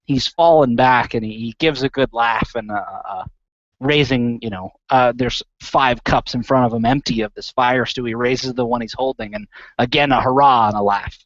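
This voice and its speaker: A man describes his character's antics in a tabletop game, stumbling through restarts and fillers. His voice is mid-pitched. The recording is muffled and dry, with no room sound. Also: normal speed, no echo. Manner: rambling, many fillers and restarts. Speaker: player.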